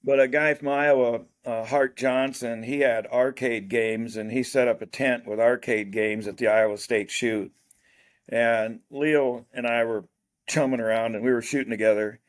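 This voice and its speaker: A man's voice: medium pitch, steady tone, moderate pace. An older man chatting casually, rambling through old memories. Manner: rambling, reminiscing. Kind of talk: casual chat.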